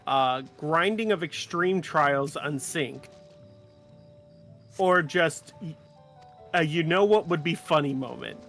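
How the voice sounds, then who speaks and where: A man's voice: fairly high pitch, slow, pauses often, fairly bright tone, soft background music. A man chatting easily while playing a game with a friend, mostly giving short agreeable replies. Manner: easygoing, agreeable, brief replies. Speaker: co-player. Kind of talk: casual gameplay chat.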